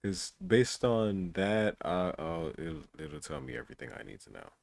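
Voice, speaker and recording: A man's voice: deep voice, lively intonation, normal speed, gravelly, dry recording. A man reacting to a video with blunt, exclamatory asides in casual commentary. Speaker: reaction streamer.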